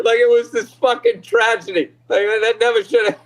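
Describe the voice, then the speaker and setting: A man's voice: very high voice, moderate pace, a little hiss or hum. A man with a Boston accent, co-hosting a casual sports podcast, telling stories with swearing and laughter. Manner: excitable storytelling, swearing, laughing mid-sentence. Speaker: podcast co-host.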